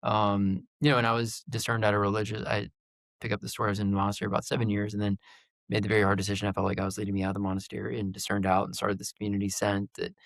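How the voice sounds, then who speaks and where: A man's voice: lowish voice, completely flat delivery, rapid-fire, vocal fry, no room sound. A man, a company founder, talking as a guest in a loose, rambling way full of fillers. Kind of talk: casual interview talk.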